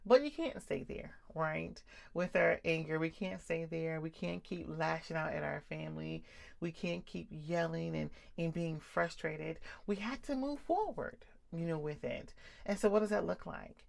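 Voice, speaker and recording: A woman's voice: lowish voice, normal speed, gravelly, darkish tone. A middle-aged woman talking candidly and encouragingly to her viewers about living with vision loss. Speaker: vlog host sharing vision loss experience. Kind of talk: personal talk to camera.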